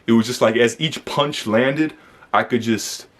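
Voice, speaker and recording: A man's voice: medium pitch, unhurried. A young man from Michigan telling a personal story to camera in a casual, conversational way, with frequent fillers and tag questions. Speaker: vlogger recounting his youth incarceration.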